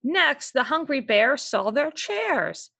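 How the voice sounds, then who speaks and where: Slow, patient woman teaching reading. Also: high voice, very animated, gravelly, sharp tone. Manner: patient, explanatory, asks the listener questions. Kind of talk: reading lesson, read-aloud with commentary.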